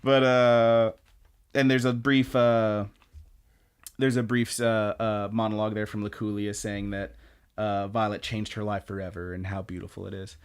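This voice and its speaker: A man's voice: on the low side, normal speed, smooth. Casual man animatedly recapping anime. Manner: animated storyteller, acts out lines, swears casually. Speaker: podcast co-host.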